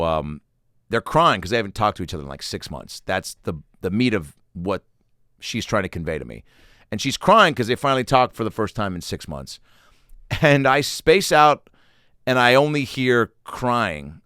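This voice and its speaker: Male podcast host, low register, very animated delivery, profane and self-deprecating, dry close recording. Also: normal speed, clean tone, dry recording. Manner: animated, profane, rambling storytelling. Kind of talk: casual comedic solo monologue.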